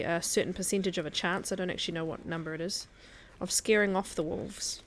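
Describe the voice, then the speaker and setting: A woman's voice: on the low side, steady tone, a little fast, few pauses, slight background noise. A woman chatting casually as a guest streamer while she plays a survival game, laughing often. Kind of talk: casual gameplay commentary.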